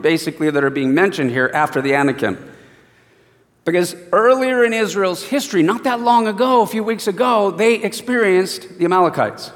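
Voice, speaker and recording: A man preaching a sermon and reading scripture, an animated storyteller who acts out the voices. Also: a little high, in a large hall.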